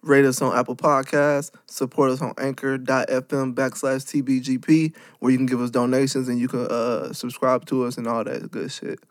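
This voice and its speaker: A young man co-hosting a podcast, relaxed and offhand in casual chat. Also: medium pitch, moderate pace, few pauses, no echo, clean studio sound. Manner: relaxed, plugs the show offhandedly. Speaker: podcast co-host.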